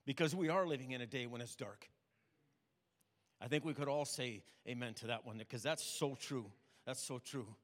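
An older man preaching a sermon, telling personal stories in a plain, halting way. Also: mid-range voice. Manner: plain, halting testimony with restarts. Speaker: pastor. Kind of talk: storytelling sermon. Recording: long reverb of a hall.

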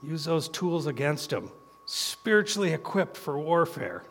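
A middle-aged man delivers a folksy sermon, chuckling between his points. His voice sits high for a man. A long reverb trails each phrase, as in a church hall. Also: big pitch swings, measured pace, a bit bright. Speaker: preacher.

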